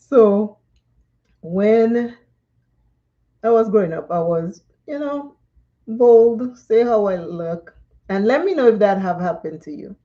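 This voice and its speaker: Lady doing a live makeup stream, slow easy chatty talk, laughs a lot, kinda muffled audio. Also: medium pitch, lively intonation, dark tone. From Dominica. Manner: chatty, laughs often, storytelling between makeup steps. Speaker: makeup vlogger.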